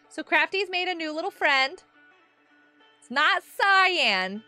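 Woman streamer, high voice, bright tone, bubbly chatty delivery. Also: slow, long pauses, faint music behind. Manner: bubbly and animated, frequent gasps and laughs. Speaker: livestream host. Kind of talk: casual live-stream chat to viewers while gaming.

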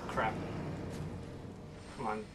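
A man streaming a video game, talking casually to his viewers and reacting excitedly as he plays. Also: drawn-out words, heavy background noise. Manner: excitable, talks to viewers while playing. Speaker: gaming streamer. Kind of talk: casual let's-play commentary.

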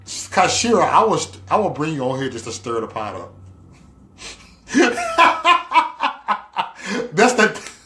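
A man hosting a casual livestream, talking straight to his viewers with a lot of slang and repetition. His voice sits a little high for a man and swings widely up and down. He teases and jokes, laughing often between lines. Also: pushed and bright. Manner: playful and teasing, laughs often; loose, repetitive talk with slang fillers. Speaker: livestream host. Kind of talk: casual livestream chat reading viewer comments.

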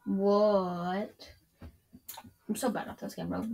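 A woman's voice: mid-range voice, little pitch movement, slow, vocal fry, darkish tone. A woman giving playful let's play commentary over a game, reacting aloud and humming dramatic suspense stings. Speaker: gamer.

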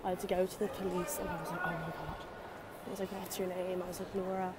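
A woman's voice: on the low side, level tone, racing. A young Irish woman vlogging casually while travelling, rambling and swearing freely into her phone. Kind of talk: casual travel vlog chat. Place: travelling through taxi and airport. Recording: clear travel noise in background. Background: vehicle and ambient noise.

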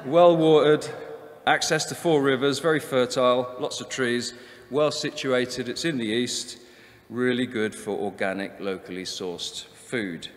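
A man's voice: mid-range voice, a little slow, long reverb tail, close to an everyday voice. A man putting on an Essex accent to play a chirpy estate agent, rattling off breezy sales patter in clipped phrases. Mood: salesy. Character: chirpy male estate agent selling a property.

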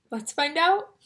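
High-voiced teacher reading a picture book. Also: female voice. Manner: animated storyteller, gasps, asks the children questions. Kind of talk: reading a picture book aloud to young children.

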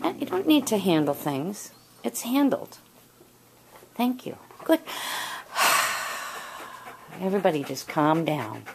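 Woman at home fussing at her dogs, slow and swoopy, loud barking all around. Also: lowish voice, big pitch swings, vocal fry, very noisy. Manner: alternately scolding and praising in pet talk. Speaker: dog owner.

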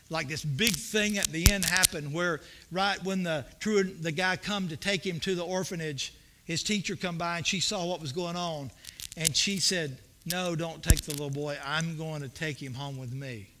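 A man's voice: on the high side, background noise. A male pastor preaching a sermon in a church, telling folksy stories and building to emphatic points. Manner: folksy, storytelling preacher with rising emphatic bursts. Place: church sanctuary.

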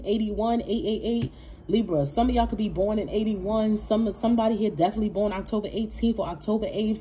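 A woman's voice: medium pitch, slight background noise. A woman doing a casual tarot reading for her viewers, cursing freely, laughing often and calling them baby. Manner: profane, animated, laughs often, calls viewers baby and child. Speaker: tarot reader.

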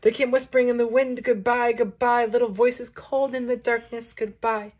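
A woman reading a collection of poems aloud in a slow, measured recitation. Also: on the high side, flat delivery, a little mellow. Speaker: poetry reader. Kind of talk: poetry audiobook reading.

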